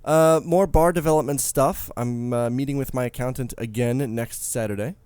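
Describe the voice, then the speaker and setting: A man's voice: mid-range voice, normal speed, a little mellow, smooth, no echo. A man in his thirties co-hosting a podcast in casual, joking, rambling chat. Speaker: podcast co-host.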